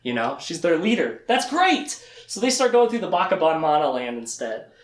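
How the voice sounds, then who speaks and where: A man's voice: fairly high pitch, sing-song, moderate pace. A man giving a casual lecture that recaps a book series, chatty and joking, laughing often and leaning on "like.". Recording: echoey room.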